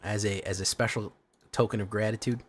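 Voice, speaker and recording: Casting: laid-back, slightly low-voiced male streamer, rambling chat and casual swearing. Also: steady tone, fairly quick. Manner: chatty, rambling, swears casually, thanks viewers. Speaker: game streamer.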